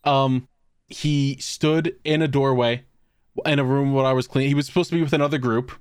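A man's voice: medium pitch, fairly even intonation, fairly quick, clean tone, no room sound, clean studio sound. A man co-hosting a podcast, telling prank stories in a casual chat and swearing freely. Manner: storytelling, swears often, laughs at own pranks. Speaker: podcast co-host.

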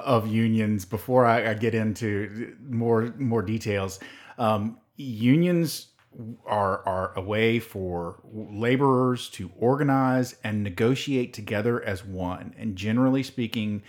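Low-voiced man explaining at length. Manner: measured explainer, restarts sentences, wry. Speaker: podcast co-host. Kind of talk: casual chat and explanation.

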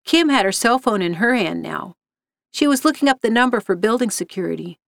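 A woman reading a scripted story aloud in an even, measured way. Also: mid-range voice, vocal fry, no room sound, studio quality. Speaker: narrator.

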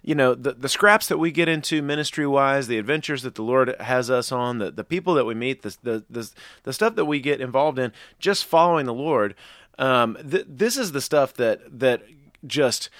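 A man's voice: medium pitch, moderate pace, a bit bright, dry recording, clean studio sound. A man talking earnestly in a faith podcast discussion, rambling with restarts and strong emphasis.

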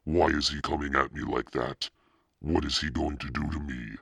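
A man voicing a frightened, stubborn young girl who speaks in a shrill, breathless way. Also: steady tone, normal speed, vocal fry, fairly bright tone, breathy edge, no room sound, clean studio sound, full character voice. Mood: scared, shrill.

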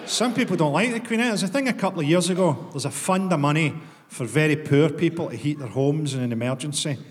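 A Scottish man with a Glaswegian accent doing a stand-up comedy set, deadpan and profane, with sudden bursts of mock outrage. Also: on the high side, a little fast. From Scotland. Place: comedy venue with audience laughter. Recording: long hall reverb, clear ambient noise.

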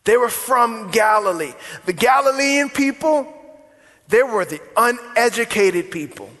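A male preacher with a high, ringing, forceful voice delivers his sermon with emphatic repetition and folksy asides to the congregation. His words echo with a long reverb through a big church sanctuary. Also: expressive, unhurried. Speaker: pastor. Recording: long reverb of a large hall.

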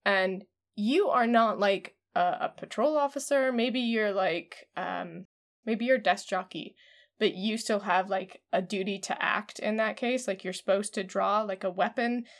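A woman's voice: mid-range voice, unhurried. A woman co-hosting a casual discussion, chatty and full of "like" fillers. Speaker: podcast co-host.

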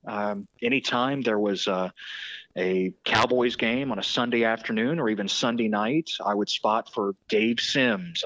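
A male sports broadcaster telling anecdotes in a podcast interview, lively and full of restarts. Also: mid-range voice, dry recording, muffled recording. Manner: animated anecdotes with frequent restarts and quoted voices.

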